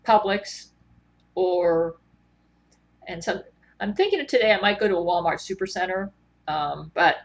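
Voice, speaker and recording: A woman vlogger in a rambling, earnest monologue, full of ums and restarts. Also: medium pitch. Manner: rambling, filler-heavy, earnest.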